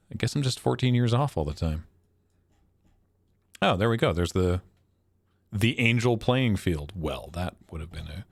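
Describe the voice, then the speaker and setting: Man, lowish voice, dry close mic, casual stream commentary, thinking aloud, chuckles at himself. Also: no echo. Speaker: streamer playing a geography guessing game.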